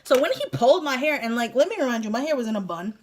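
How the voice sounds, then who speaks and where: A young woman vlogger telling a story casually while doing her makeup, animated and profane, laughing often. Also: fairly high pitch, rapid-fire, a little hiss or hum.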